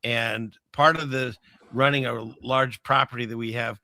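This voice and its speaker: A man's voice: medium pitch, fairly even intonation, measured pace, vocal fry, pushed and bright, no room sound. A man hosting a show, telling a story in an earnest, conversational way. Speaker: podcast host. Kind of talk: casual conversation.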